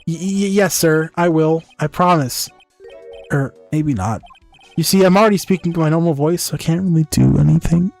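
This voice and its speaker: A man's voice: a little high, moderate pace, gravelly, darkish tone, faint music behind. A man voicing a timid, stammering male thief who whimpers and apologizes as he speaks. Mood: flustered. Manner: stuttering, whiny, apologetic.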